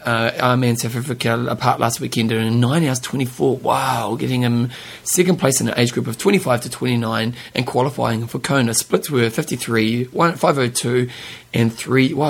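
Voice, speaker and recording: A man's voice: mid-range voice, gravelly. A man co-hosting a casual talk show, joking and reading listener notes aloud. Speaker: podcast co-host. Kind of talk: casual chat.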